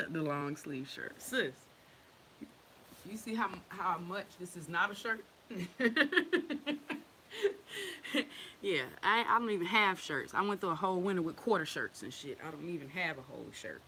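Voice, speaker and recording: A woman's voice: lowish voice, lively intonation, normal speed, bright, forceful tone. Blunt, profane woman on a livestream. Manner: blunt, profane and laughing often; candid and affectionate. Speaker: women's wellness group leader. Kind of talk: casual livestream talk.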